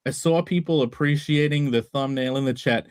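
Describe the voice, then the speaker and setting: A man's voice: medium pitch, moderate pace, clean tone, no echo, studio quality. A man from England co-hosting a casual podcast chat over a video call, rambling and jokey. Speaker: co-host.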